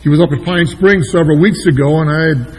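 A man's voice: on the high side, fast, slightly rough, long reverb tail, poor audio. A man pastoring a church, giving an informal sermon with many fillers. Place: church sanctuary.

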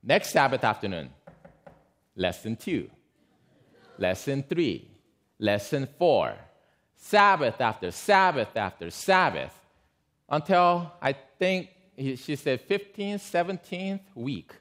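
A man preaching, walking his congregation through a story with plenty of asides. His pitch rises and falls a great deal as he talks, and he sits at an ordinary middle pitch for a man. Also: big pitch swings, slow, fairly bright tone. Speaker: pastor. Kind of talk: sermon storytelling.

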